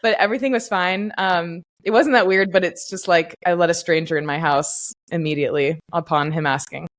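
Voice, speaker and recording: A woman's voice: fairly low pitch, a little fast. A woman hosting a podcast, telling stories in a chatty way, full of fillers. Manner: chatty storyteller, many fillers. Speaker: podcast host. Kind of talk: casual podcast chat.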